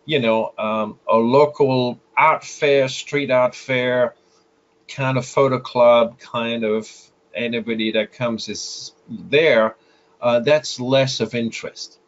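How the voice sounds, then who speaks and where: A man's voice: medium pitch, fairly even intonation, slow. A man with a French accent, a guest photographer giving advice in an interview, explaining with frequent filler sounds and restarts. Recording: slightly muffled lo-fi audio.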